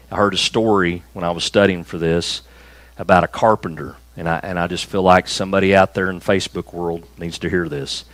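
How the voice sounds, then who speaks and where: Low-voiced pastor preaching. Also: male voice, fairly even intonation, no echo, low-quality recording. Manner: conversational preaching, slow emphatic stresses on key phrases. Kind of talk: sermon. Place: small church room, also streamed.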